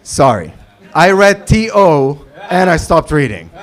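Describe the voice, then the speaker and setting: A man's voice: a little high, big pitch swings, unhurried. A man from Lebanon hosting an open mic, doing stand-up and acting out both sides of dialogues with plenty of swearing. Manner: loud announcer calls when introducing acts. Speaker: open mic host and comedian. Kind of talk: stand-up comedy. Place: comedy club stage with live audience.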